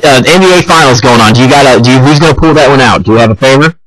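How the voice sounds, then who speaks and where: Fast-talking sports radio host. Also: male voice, medium pitch, fairly bright tone, a little hiss or hum, rough recording. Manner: quick, joking, stumbles over words. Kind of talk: casual sports radio chat.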